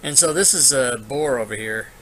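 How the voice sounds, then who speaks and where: A man's voice: mid-range voice, normal speed, a bit bright, slight background noise, poor audio. A man running an online tabletop game as dungeon master, narrating monster turns casually with lots of filler. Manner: casual, thinking aloud with frequent filler.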